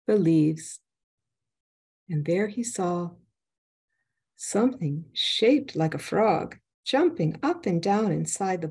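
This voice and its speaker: A woman telling a folk tale aloud in an expressive storytelling manner. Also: medium pitch, husky. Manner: expressive, lively delivery. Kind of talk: storytelling narration.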